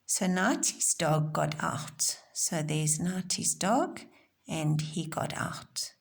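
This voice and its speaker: Woman teacher, gravelly voice, slightly low pitch, gentle lesson for young kids. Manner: slow, gentle, explaining simply to small children. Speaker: primary school teacher. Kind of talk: recorded home-learning lesson for young children.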